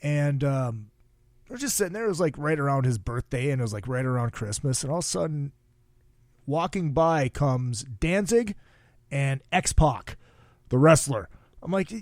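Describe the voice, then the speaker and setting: An upper Midwestern man hosts a casual podcast, spinning long, rambling stories packed with swearing. His voice is fairly high and expressive at a normal speed, captured in clean studio sound with no room echo.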